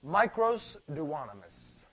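A man preaching a sermon, swinging from loud emphatic points to quiet asides and asking rhetorical questions he answers himself. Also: a little high, very animated, slow.

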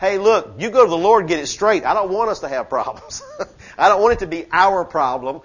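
A man preaching a sermon to a church service, fervent and conversational, dropping to hushed asides and rising to shouted questions with call-and-response. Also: high voice, lively intonation, fairly quick, slightly rough, highs cut off. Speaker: pastor.

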